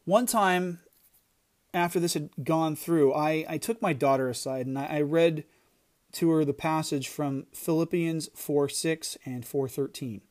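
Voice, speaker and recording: A middle-aged man with a fairly high, darkish voice speaks unhurriedly in an emphatic, earnest devotional talk for a podcast. He frequently restarts what he's saying.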